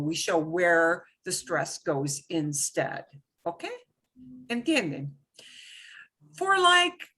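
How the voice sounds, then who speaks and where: A woman teaching a beginners' Spanish class, explaining with emphatic, animated bursts. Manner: animated, emphatic explaining with sudden high exclamations. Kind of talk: live classroom lesson.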